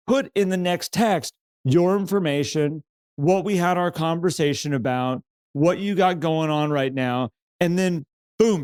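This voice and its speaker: A man co-hosting a casual podcast, with a slightly high voice. He tells stories animatedly and acts out the quotes, restarting sentences as he goes. The sound is close and dry, with no room around it. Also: no room sound. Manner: animated, retells quotes with raised voice and filler restarts. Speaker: podcast co-host. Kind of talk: casual conversational storytelling.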